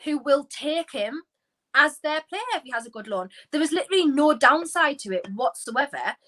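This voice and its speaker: Woman co-host, bright voice, casual opinionated football chat. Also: high-pitched, rough recording. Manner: animated, opinionated, quick asides. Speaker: podcast co-host.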